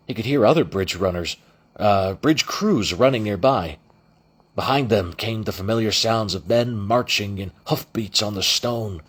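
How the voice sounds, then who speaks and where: A man's voice: on the low side, measured pace, breathy edge. A man reading a novel aloud as an amateur audiobook narrator, with frequent restarts and self-corrections. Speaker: audiobook reader.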